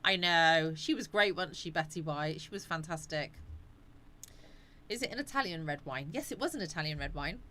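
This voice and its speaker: A woman's voice: deep voice, lively intonation, moderate pace, bright, forceful tone, slight background noise. A woman hosting a casual live chat, rambling and answering viewers' comments. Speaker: live stream host.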